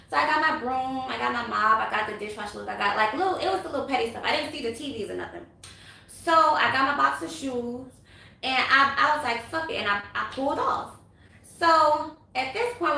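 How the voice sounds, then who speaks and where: A young woman talks through a storytime vlog, animated and swearing freely as she speaks to her viewers. Her voice is bright and a little gravelly. She sits back from the mic in a very echoey room. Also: sits high, far from the mic. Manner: animated, profane, addresses viewers as y'all. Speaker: vlogger.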